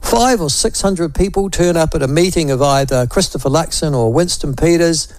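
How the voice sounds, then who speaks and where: A man's voice: a little high, normal speed, a little mellow, dry recording. Wry New Zealand talk radio man. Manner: wry, musing aloud, repeats and toys with phrases. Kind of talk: opinionated talk radio commentary.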